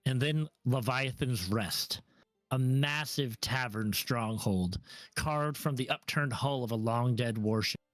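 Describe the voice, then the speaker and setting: A man at an average pitch narrating a tabletop fantasy session as game master. His descriptive delivery is laid-back and scene-setting, and the sound is dry and close to the mic. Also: slow, no echo, soft background music, rough recording. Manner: descriptive, relaxed with fillers.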